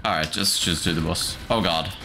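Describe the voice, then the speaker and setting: A man streaming a game in casual commentary, excitable, swearing often and laughing a lot. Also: deep voice, moderate pace. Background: game music.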